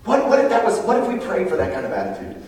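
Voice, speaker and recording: A middle-aged American man preaching a sermon, swinging from loud, high bursts to low, quiet asides. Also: fast talker. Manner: animated, climbs high and loud when stirred, then drops low and quiet. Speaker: pastor. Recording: echoey hall, voice from far off.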